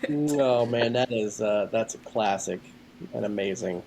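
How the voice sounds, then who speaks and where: A man's voice: lowish voice, unhurried, a little mellow, slight background noise. A man co-hosting a podcast, chiming in with short, laid-back remarks. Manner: laid-back, brief interjections. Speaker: podcast co-host. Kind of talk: casual chat.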